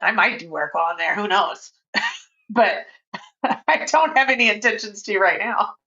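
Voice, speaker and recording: A woman's voice: mid-range voice, lively intonation, moderate pace, bright, forceful tone, dull audio. A woman in her forties, a podcast guest in casual interview chat who talks freely and laughs often.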